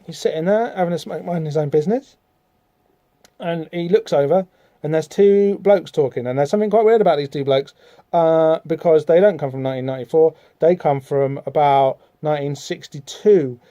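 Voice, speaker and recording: A man's voice: a little high, brisk, mellow, no echo, studio quality. A man hosting a podcast, talking casually about a comic book with lots of fillers and rambling asides. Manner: rambling, chatty, many fillers, reads out dialogue in voices. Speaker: podcast host.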